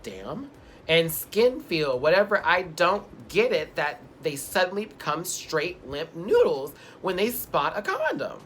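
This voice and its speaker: A man's voice: sits high, wildly swooping pitch, a little slow, fairly bright tone, a little hiss or hum. A man co-hosting a casual chat show, playful and sassy, reading out viewer questions and joking along the way. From Houston. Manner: playful, sassy, drifts into put-on accents. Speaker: co-host.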